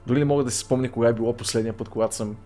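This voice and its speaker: A man's voice: mid-range voice, steady tone, racing, dark tone, soft background music. A man streaming a game, reading its text aloud and chatting. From Bulgaria. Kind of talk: live-stream game narration and chat.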